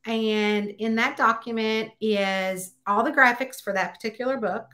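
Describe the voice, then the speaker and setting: A middle-aged woman in casual conversation, her voice bright and pitched a little high. She tells anecdotes with animated, acted-out quotes and many fillers. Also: unhurried. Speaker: mystery author, host. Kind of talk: casual chat.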